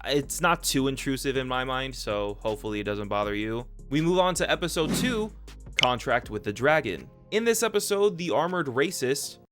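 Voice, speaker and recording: A man talks through a show recap at an ordinary middle pitch, loose and rambling, often backtracking mid-sentence. Faint background music sits under his voice. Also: animated, normal speed, a bit bright. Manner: rambling, self-correcting with filler asides. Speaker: video reviewer. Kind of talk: casual review narration.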